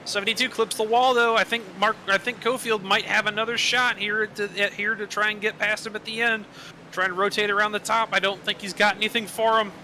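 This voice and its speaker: High-voiced male race co-commentator. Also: fairly quick, a little hiss or hum. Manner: steady, analytical calling of positions and points. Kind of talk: sim racing color commentary.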